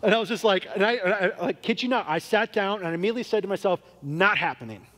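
A man's voice: high-pitched, fast, a bit bright, big-room sound. A young adult man preaching a sermon as pastor, telling a story and acting out the dialogue in quoted voices. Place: church sanctuary.

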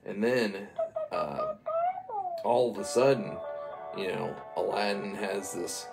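A man's voice: on the low side, slow, vocal fry, loud music behind the voice. A man improvising a silly, rambling story for a baby, chuckling as he goes.

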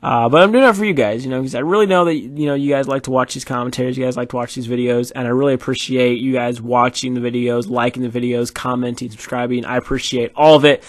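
A man's voice: medium pitch, steady tone, fast talker, few pauses, no room sound. A tired man doing casual, rambling commentary over his football video game match, with many fillers. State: tired, yawning. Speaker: gaming YouTuber.

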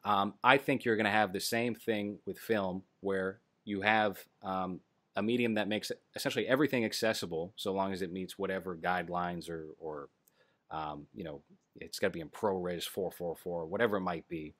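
A man's voice: low-pitched, fairly even intonation, moderate pace, a bit bright, dry recording. A man in casual podcast chat, explaining at length with many fillers. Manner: rambling, filler-heavy explaining. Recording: dry close audio.

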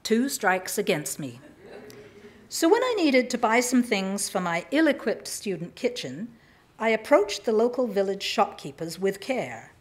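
A woman from England, reading aloud a humorous personal story in a lively, self-mocking way. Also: medium pitch, measured pace. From southern England. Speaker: writer reading her work.

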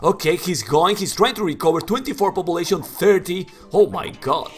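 Excitable bright-voiced male game caster. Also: high-pitched, moderate pace, faint music behind. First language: Spanish. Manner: excitable, swings into shouts at big plays; non-native English with broken grammar. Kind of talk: live esports commentary.

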